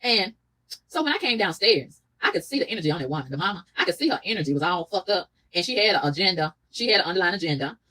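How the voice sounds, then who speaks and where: A woman vlogger telling a story in a casual rant, animated, profane and indignant, with a husky voice. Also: on the low side, fast talker, poor audio.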